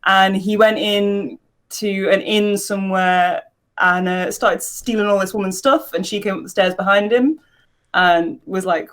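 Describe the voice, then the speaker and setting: A woman, a dice maker, telling a story in an interview with an animated, giggly manner. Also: mid-range voice, measured pace. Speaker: dice company founder. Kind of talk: casual interview answers.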